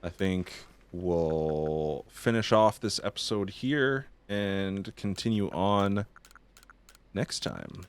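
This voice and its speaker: A man's voice: sits low, slow pace, clean tone. A man hosting a let's-play of a video game, chatting casually and joking sarcastically as he plays. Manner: sarcastic, joking, reads game text aloud. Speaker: host of a gaming show.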